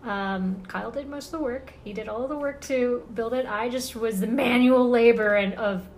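A young woman guest on a podcast, talking in a relaxed, rambling way, full of fillers. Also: a little high, moderate pace. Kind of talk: casual podcast chat.

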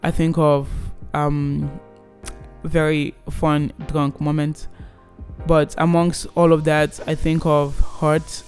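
A young man in his twenties casually telling a personal story, animated and rambling with many restarts. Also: fairly high pitch, slow pace, faint music behind.

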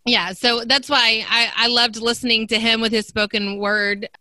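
A woman's voice: fairly high pitch, steady tone, normal speed, bright, forceful tone, dry recording. A woman from Texas, an educator co-hosting a podcast, chatting enthusiastically about books. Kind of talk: casual book chat.

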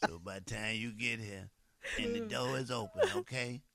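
A man voicing a sleazy middle-aged male ex who leaves voicemails, smooth-talking and chuckling through his lines. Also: mid-range voice, wildly swooping pitch, moderate pace, pushed and bright, a little hiss or hum, exaggerated voice. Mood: coaxing, sleazy. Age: 50s.

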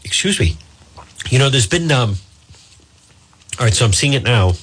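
A man's voice: mid-range voice, animated, normal speed, a bit bright, slightly rough. A man hosting live talk radio while fighting hiccups, rambling and apologizing as he goes. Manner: apologetic, rambling, self-interrupting. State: has the hiccups. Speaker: radio talk show host.

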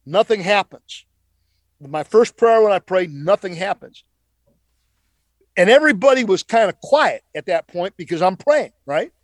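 A man's voice: sits high, expressive, measured pace, no room sound. A middle-aged male preacher telling a dramatic testimony on a talk show, emphatic and repeating phrases for effect.

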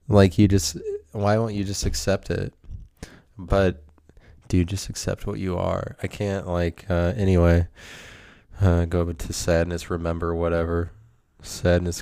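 A man's voice: low-pitched, level tone, unhurried, warm tone, smooth, dry recording, studio quality. A man hosting a podcast in a rambling solo monologue, self-mocking and profane, laughing often. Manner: profane, provocative. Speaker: podcast host.

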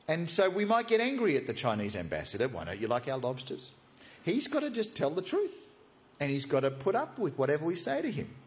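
A man preaching a sermon, animated and jokey, acting out the story. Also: mid-range voice. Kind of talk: expository sermon.

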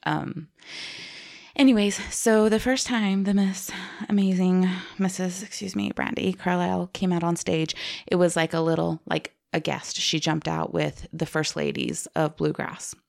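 A woman co-host talks through a moving story in loose, casual chat, sometimes teary. Her voice sits a little low and has a gravelly, creaky edge. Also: a little slow. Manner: animated storytelling, tearful and laughing. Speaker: podcast co-host.

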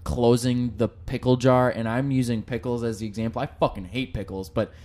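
A man co-hosting a relaxed podcast, talking in loose, rambling jokes full of swearing. His voice has an everyday middle pitch. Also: fairly quick. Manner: joking, profane, rambling. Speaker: podcast co-host. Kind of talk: casual chat.

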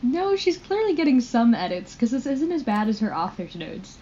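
A woman's voice: a little high, big pitch swings, moderate pace, warm tone, dull audio, a little hiss or hum. A woman co-hosting a comedy podcast, reacting with incredulous remarks and laughter. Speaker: co-host reacting to the reading.

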